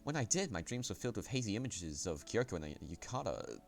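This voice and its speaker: Deep-voiced man reading a visual novel. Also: sing-song, fairly quick, creaky, few pauses, fairly bright tone, soft background music. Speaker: streamer.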